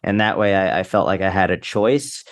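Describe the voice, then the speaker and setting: A young man co-hosting a podcast, talking in a relaxed, offhand way. His voice sits a little low, and he trips over his words and restarts sentences as he goes. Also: moderate pace. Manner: laid-back, swears casually, stumbles and restarts. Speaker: podcast co-host. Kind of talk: casual chat.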